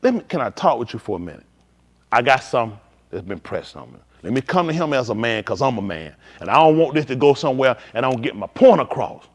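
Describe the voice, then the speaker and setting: A man preaching in a casual, conversational style, swinging from quiet to loud and acting out conversations. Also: mid-range voice, fast, breathy edge. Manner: animated, shifting between quiet and loud, acts out dialogue. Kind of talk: livestreamed sermon.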